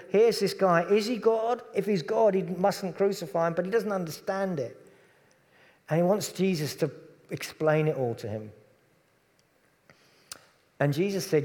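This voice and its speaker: A man preaching a sermon in a conversational way, sometimes dropping to a soft, hushed voice on tender points. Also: fairly high pitch, normal speed, big-room sound.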